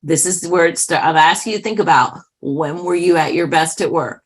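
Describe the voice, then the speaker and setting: Woman author, animated storyteller, husky lower voice, conversational. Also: moderate pace. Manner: lively, animated storyteller with asides. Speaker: author and keynote speaker.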